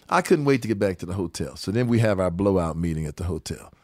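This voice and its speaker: A man's voice: on the low side, quick pace, no room sound. An older man, a musician, telling stories in a casual interview, quoting people and laughing often. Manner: animated storyteller, quotes people, laughs often.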